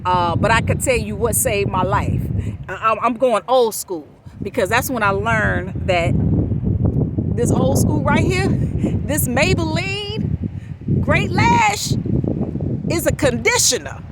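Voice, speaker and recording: Woman vlogging outside, lively storytelling, kinda high voice, traffic noise behind her. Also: takes it slowly. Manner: animated, laughs often, talks straight to viewers. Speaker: vlogger telling a personal story. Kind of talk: casual storytelling to camera. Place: outdoors. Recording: outdoor noise with passing traffic. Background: outdoor ambience and vehicles.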